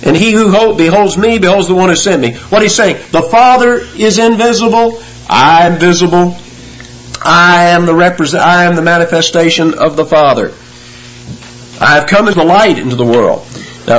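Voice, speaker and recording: A man preaching a sermon, explaining scripture verse by verse and rising in pitch and force on key words. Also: brisk, poor audio. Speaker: pastor.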